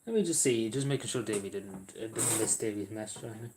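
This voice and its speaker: A fast-talking livestream host with a fairly low-pitched voice chats casually to viewers from his squeaky chair at home. He rambles and hesitates with plenty of fillers and restarts, against background noise.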